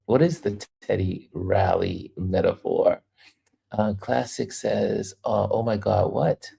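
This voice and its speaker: A man's voice: fairly low pitch, slow, vocal fry, slightly rough. A man hosting a casual livestream, chatting loosely and reading viewer comments aloud with frequent laughter. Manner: animated, laughs often, reads chat aloud. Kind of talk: casual live chat.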